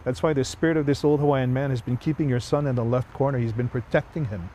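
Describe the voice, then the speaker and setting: A man voicing a calm, grave kahuna. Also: medium pitch, fast talker, slight background noise, close to an everyday voice. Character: calm old Hawaiian priest giving warnings.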